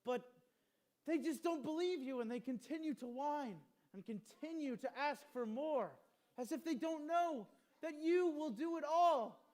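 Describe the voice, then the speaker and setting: A man's voice: very high-pitched, measured pace, a little mellow. A man playing a pleading Moses. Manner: earnest pleading prayer.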